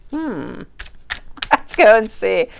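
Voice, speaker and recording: A woman's voice: medium pitch, huge pitch swings, drawn-out words, gravelly, a little hiss or hum. A woman giving a chatty, affectionate livestream tarot reading and calling viewers sweetie. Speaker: tarot reader.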